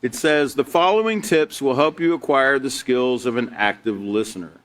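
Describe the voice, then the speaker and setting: A man's voice: medium pitch, normal speed, a bit bright. A middle-aged man teaching a live online character education class, reading from slides and asking rhetorical questions. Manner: conversational, asks rhetorical questions, reads from slides.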